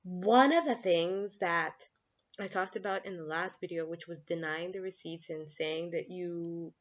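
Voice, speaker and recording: A woman's voice: on the low side, a little slow. Chatty, frank woman, dull lo-fi sound. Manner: chatty, frank, laughs often, breaks off to talk to her kids. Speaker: relationship coach. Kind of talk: casual talking-head vlog. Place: home.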